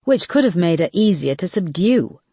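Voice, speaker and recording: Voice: mid-range voice, big pitch swings, moderate pace, dark tone, dry recording. A no-nonsense woman in charge of a murder squad, curt and firm in her briefings, as an audiobook narrator plays her. The recording is dry and close. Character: female detective chief, brisk, no-nonsense.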